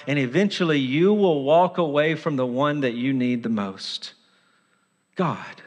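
A man preaches with urgent earnestness, briefly acting out the proud voice of sin. His voice sits fairly high for a man. The sound rings with long reverb, as in a church sanctuary. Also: lively intonation, unhurried. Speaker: pastor. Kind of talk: sermon.

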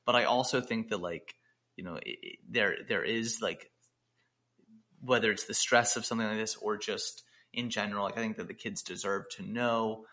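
A man's voice: fairly low pitch, fairly even intonation, normal speed, pushed and bright. A man co-hosting a podcast, chatting in a loose, rambling way with many restarts. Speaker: podcast co-host and coach. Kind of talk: casual podcast chat.

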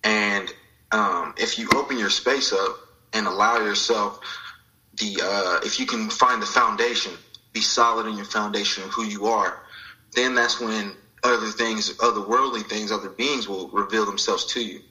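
A man's voice: on the low side, fairly even intonation, normal speed, bright, forceful tone, rough recording. A man sharing a personal spiritual story in an interview, reflective and acting out the voices of people he quotes. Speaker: guest.

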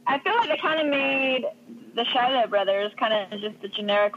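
A woman's voice: fairly high pitch, fairly quick, dull audio, background noise. A woman guest on a podcast, chatting casually with lots of fillers. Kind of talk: casual chat.

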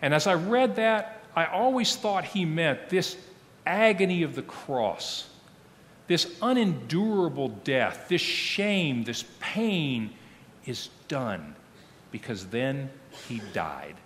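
Male pastor delivering a solemn sermon, slow and expressive, with long church reverb. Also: a little high. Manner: slow, solemn reading with falling, hushed phrase ends. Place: church sanctuary.

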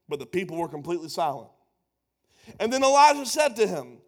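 Preacher guy, high voice, animated and sarcastic, goes loud then quiet. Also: a little fast. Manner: animated, sarcastic, shifts between loud and hushed. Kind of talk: sermon.

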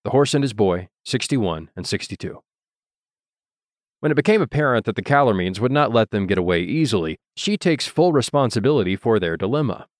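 Lower-voiced man reading an audiobook. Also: lively intonation, no echo, studio quality. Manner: measured, literary reading. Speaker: audiobook narrator. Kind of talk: scripted narration.

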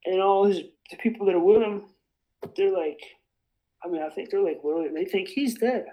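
A man's voice: high-pitched, a little fast, lo-fi sound. A man rambling passionately in a casual religious discussion. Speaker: bible study participant.

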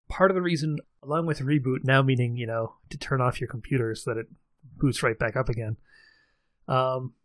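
A man's voice: fairly high pitch, fairly bright tone, dry recording. A man, co-hosting a casual podcast chat, rambling and poking fun at himself with frequent chuckles. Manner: rambling, self-deprecating, chuckles often. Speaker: podcast co-host.

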